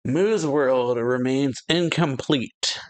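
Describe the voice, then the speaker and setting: A man reading out the lines of an ancient ruler who speaks in slow, formal, archaic phrasing. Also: medium pitch, natural voice. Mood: cold, formal.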